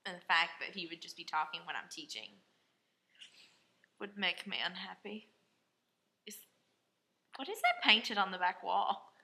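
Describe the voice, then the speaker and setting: A woman in her late twenties with a lowish voice that has a strong gravelly fry yet sounds bright and forward. She chats playfully in a casual commentary and sounds sure of her opinions. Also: big pitch swings, measured pace, long pauses. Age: late 20s. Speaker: podcast co-host, first-grade teacher.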